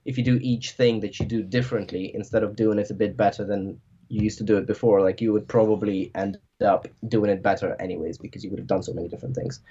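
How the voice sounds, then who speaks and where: A man's voice: lowish voice, fairly even intonation, fast talker, few pauses, dark tone, breathy edge. A man chatting casually as a podcast guest, rambling and filling his talk with "like". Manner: rambling, filler-heavy, lots of "like". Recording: dull lo-fi audio.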